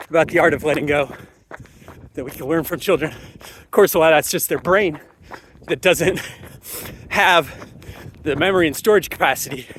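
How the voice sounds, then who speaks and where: Male commentator, high-pitched, animated and emphatic solo monologue. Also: a little hiss or hum. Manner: animated, emphatic, repeats phrases for effect. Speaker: parenting commentator. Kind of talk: solo ranting monologue to camera.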